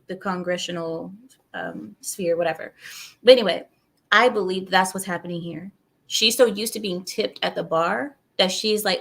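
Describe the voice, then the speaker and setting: A woman with a mid-range voice, from abroad, rants in casual commentary to her viewers. She is animated and full of direct asides, throwing questions at the audience. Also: mid-range voice. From outside America. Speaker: channel host.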